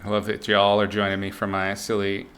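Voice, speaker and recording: A man's voice: fairly low pitch, monotone, brisk, fairly bright tone, faint music behind. A man chatting casually with his live-stream audience while he paints, playful and giggly, greeting viewers by name and making up silly words.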